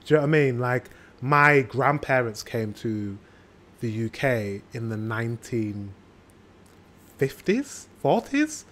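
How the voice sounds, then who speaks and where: A man's voice: medium pitch, very animated, slow, fairly bright tone. A British man hosting a reaction video, chatting casually and drifting off on tangents. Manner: rambling, goes off on tangents.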